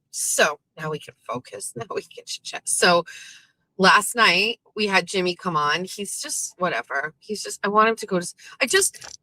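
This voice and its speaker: A woman hosting her own show, chatting casually with lots of swearing and animated asides. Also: lowish voice, dry recording, low-quality recording. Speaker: host. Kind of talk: casual chat.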